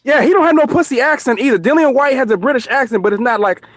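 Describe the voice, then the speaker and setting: A man in a casual live chat, talking in quick, profane slang. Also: extremely high pitch, animated.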